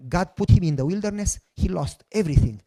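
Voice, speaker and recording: Preacher guy telling his story, emphatic, higher-ish voice, choppy english. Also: expressive, fairly quick, dark tone. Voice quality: non-native broken English grammar. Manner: emphatic storytelling, imitates voices of others in quotes. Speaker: pastor. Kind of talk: sermon testimony.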